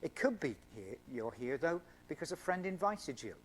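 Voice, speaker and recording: A man's voice: a little high, sing-song, moderate pace, a bit bright, slight background noise. Earnest man giving a lecture. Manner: earnest and explanatory, stressing key words with everyday examples. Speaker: scientist giving an evening talk to a student Christian group. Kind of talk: public lecture. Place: university event room.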